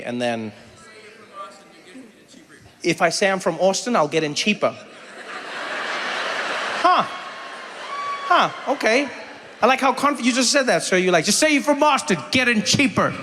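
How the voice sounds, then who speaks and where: Animated high-voiced comedian, bright tone. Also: male voice, moderate pace, pauses often. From South Africa. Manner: animated, acts out voices of others. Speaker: comedian and host. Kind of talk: stand-up storytelling and crowd work. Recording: live venue with long reverb and faint noise.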